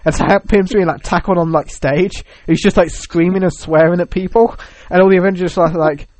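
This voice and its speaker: A young man with a slightly high voice talks in casual chat, rambling and piling up "like"s as he spins out his stories. The sound is dry and close, with no room around it. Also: brisk, no echo. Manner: rambling, animated storytelling with many "like"s.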